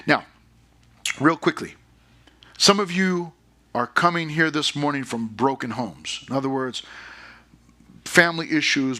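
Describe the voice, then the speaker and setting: This pastor, a man with a pushed, bright mid-range voice, preaches to a youth congregation in a conversational style. He reads scripture and checks in with his listeners by asking them questions.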